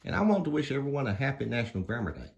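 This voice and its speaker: A man's voice: mid-range voice, sing-song, very fast, vocal fry. A man voicing a folksy male dog grammar professor, giving an easygoing puppet-show lesson. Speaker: teacher.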